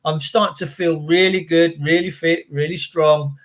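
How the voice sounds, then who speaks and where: Bloke hosting a stream, rambly and blunt, higher voice. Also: male voice, fairly even intonation, normal speed, a bit bright. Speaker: livestream host. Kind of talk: casual rambling livestream rant.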